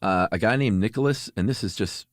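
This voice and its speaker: Deep-voiced easygoing male podcast host. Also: fairly quick, dry recording, studio quality. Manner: easygoing, chuckling, fillers. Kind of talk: casual chat.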